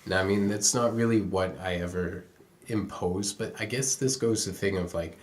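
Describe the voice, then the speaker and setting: A man's voice: deep voice, normal speed. A young Canadian man co-hosting a podcast, telling stories in a rambling, profane way full of fillers. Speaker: podcast co-host. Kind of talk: casual chat.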